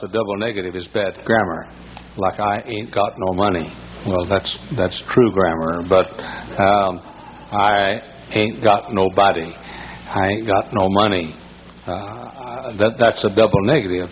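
An older man preaching a sermon as pastor, telling a story in a folksy way and repeating key words slowly for emphasis. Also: on the low side, poor audio. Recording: faint background noise in a large church.

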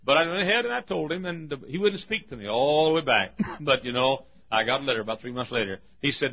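An older man from Texas, a pastor, telling folksy sermon anecdotes with frequent chuckles and loud acted-out quotes. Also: fairly high pitch, animated, a little fast, breathy edge, dull audio. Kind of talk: sermon storytelling.

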